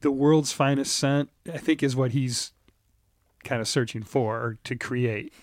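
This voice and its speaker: A man's voice: medium pitch, no room sound, studio quality. Wry, laughing man co-hosting a podcast. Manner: wry, quick to laugh and tease. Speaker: podcast co-host. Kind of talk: casual chat.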